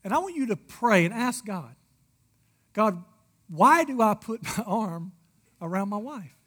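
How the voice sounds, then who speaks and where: A man voicing a calm female counselor who questions him during a session. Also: high voice, a little slow, breathy edge, full character voice.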